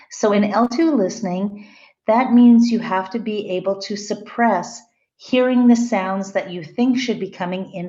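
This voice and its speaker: A woman's voice: mid-range voice, a little mellow. Woman lecturing in an echoey classroom. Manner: conversational, checks in with the class. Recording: echoey, dull lo-fi room recording.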